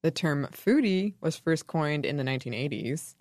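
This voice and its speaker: Low-voiced woman co-host, wry and giggly, dry studio. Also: moderate pace, dry recording. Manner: wry, giggly, deadpan asides. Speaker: podcast co-host. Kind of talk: casual conversational history chat.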